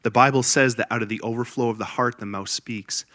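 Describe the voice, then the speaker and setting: Earnest male preacher, mid-pitched voice. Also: fairly even intonation, a little fast, bright, forceful tone, dry recording, studio quality. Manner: earnest, rising to emphatic bursts, teasing the audience. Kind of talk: sermon.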